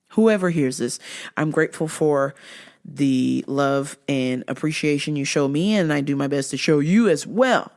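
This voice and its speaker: A woman hosting a podcast, talking casually to her listeners in a profane, animated rant. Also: sits low, vocal fry. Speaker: podcast host. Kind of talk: casual solo monologue.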